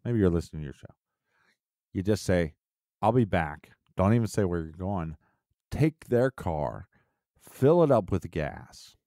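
A man's voice: deep voice, sing-song, a little slow, long pauses, no echo, clean studio sound. A man co-hosting a podcast in casual, crude, joking chat. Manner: crude, joking, bursts into mock yelling. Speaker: podcast co-host.

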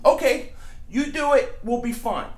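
A male sports vlogger with a loud, excitable manner who often shouts while doing a comedy bit and a fan rant. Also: very high voice, unhurried.

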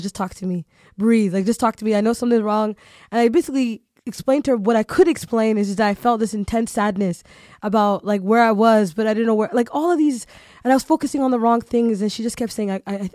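A woman's voice: fairly high pitch, darkish tone, dry recording, studio quality. A woman hosting a podcast, chatting casually and animatedly, with lots of "you know" and "like" fillers. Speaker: podcast host.

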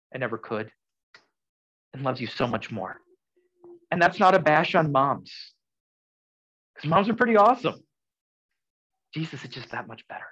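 A man preaching a sermon in an earnest, conversational way, swinging from loud emphasis to soft, quiet lines. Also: a little high, muffled recording. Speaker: pastor.

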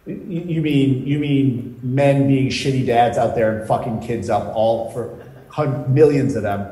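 A man's voice: mid-range voice, a little slow, warm tone. A man, a business coach, challenging his client bluntly and with lots of swearing on a video call. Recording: echoey video call audio.

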